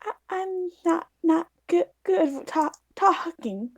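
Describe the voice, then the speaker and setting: A woman's voice: very high voice, expressive, slow pace, pitched above the performer's own voice, exaggerated voice. A woman voicing a timid young healer woman in a tabletop game, stammering nervously.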